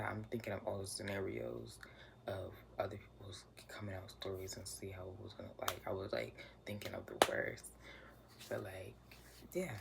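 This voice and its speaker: A young man tells a personal story in a chatty, slangy way, often sinking into a near whisper. His voice sits a bit low with a gravelly edge. Steady background noise runs under the recording. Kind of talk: casual storytime. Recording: noisy room ambience.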